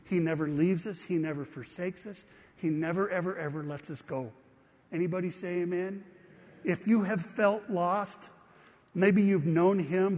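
A pastor preaches a sermon in a church sanctuary, telling stories conversationally and asking the congregation questions. His voice sits high and a little mellow, and a long hall reverb fills the recording.

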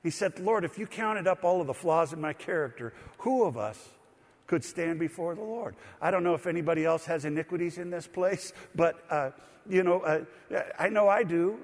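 Male pastor, fairly high voice, conversational sermon, long church reverb. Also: normal speed. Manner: conversational, explains words plainly. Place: church sanctuary.

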